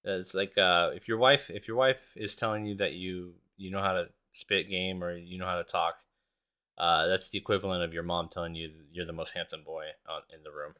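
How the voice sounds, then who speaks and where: A low-voiced man with a bright, forceful edge talks through a relaxed solo podcast. He swears freely, pokes fun at himself and laughs a lot. His sentences restart and wander as he goes. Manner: profane, self-mocking, laughs often; rambling with restarts. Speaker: podcast host. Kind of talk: casual solo podcast chat.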